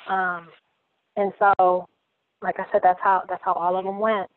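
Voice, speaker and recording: A woman's voice: medium pitch, level tone, measured pace, pauses often. Woman around 40, podcast guest, earnest and reflective, tinny phone-like sound. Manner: earnest, repeats phrases while thinking aloud. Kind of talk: reflective personal storytelling. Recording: tinny phone-like line, dry.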